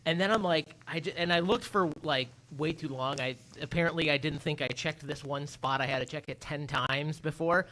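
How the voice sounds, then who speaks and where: A man on a morning radio show spins a story, jumping into little acted voices and sound effects as he goes. His voice sits a touch high and rings bright and forward. It sounds like a studio microphone. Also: normal speed, hardly any pauses. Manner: animated storyteller, acts out his own voice and sounds. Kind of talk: casual morning radio chat.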